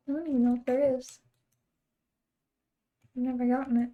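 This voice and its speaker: A woman's voice: sits high, little pitch movement, normal speed, long pauses, dull audio. A young woman from the United States chatting casually while she plays a game on stream, rambling through asides and laughing often. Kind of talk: casual chat while gaming.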